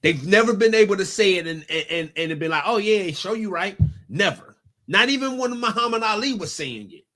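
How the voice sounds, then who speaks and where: A man's voice: sits high, lively intonation, sharp tone. A man co-hosting a casual sports talk show, often stopping and restarting his sentences as he makes a point. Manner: halting, frequent restarts. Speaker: podcast co-host.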